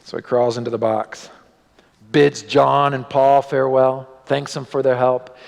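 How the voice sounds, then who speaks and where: A male pastor telling a story in a sermon, animated, his voice rising and dropping for drama. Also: mid-range voice, unhurried, vocal fry. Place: church sanctuary. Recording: long church hall reverb.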